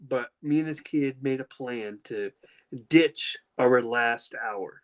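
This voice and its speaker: A man's voice: medium pitch, takes it slowly, fairly bright tone, poor audio. Young male podcast host, casual and emotional storyteller, rambling delivery. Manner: emotional, rambling with many fillers and restarts.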